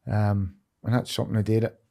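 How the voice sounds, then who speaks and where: A man's voice: lowish voice, level tone, quick pace, gravelly, mellow. A middle-aged man with a Glaswegian accent, talking openly as a podcast guest, swearing freely and often checking "you know what I mean". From Scotland. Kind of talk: candid conversation.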